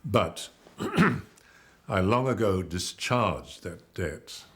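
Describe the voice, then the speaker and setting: An older male actor being interviewed, telling measured, rambling anecdotes about his career. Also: sits low, animated, fairly bright tone. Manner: measured, anecdotal storytelling with digressions. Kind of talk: reminiscing interview.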